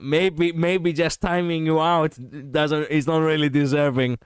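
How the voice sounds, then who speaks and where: A man streaming a game, commenting casually in an excitable, profane, ranting way on a close mic. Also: on the high side, unhurried, clear, resonant tone, no room sound.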